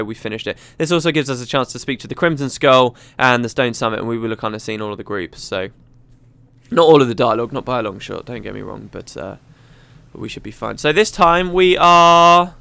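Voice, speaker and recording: A man's voice: mid-range voice, sharp tone, clean tone, no echo. A man hosting a let's play, chatting casually and reading game dialogue aloud. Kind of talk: casual gameplay commentary.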